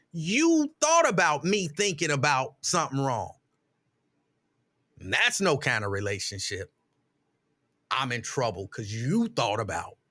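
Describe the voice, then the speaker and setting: A middle-aged man hosting a casual live stream, telling stories with mock outrage and reading viewer comments aloud. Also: fairly high pitch. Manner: animated, exasperated storytelling with mock outrage.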